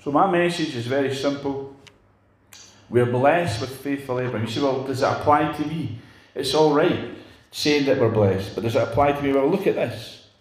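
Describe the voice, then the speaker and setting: An older man preaches in a chatty, plain-spoken way, often asking his congregation questions. His voice sits at an ordinary pitch for a man. It rings around an echoey church room. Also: moderate pace. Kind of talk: sermon.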